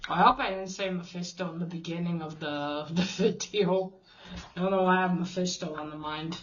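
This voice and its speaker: A woman casually recapping a comic book, chatty and swearing often, slipping into quick voices for the characters. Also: on the low side, dull audio.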